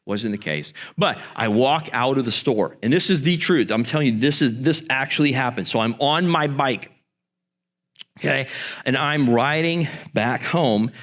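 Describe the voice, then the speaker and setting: A pastor telling a story about his boyhood, vivid, jumping up into a high voice when acting out his younger self. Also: a bit bright. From Michigan. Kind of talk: storytelling to a congregation.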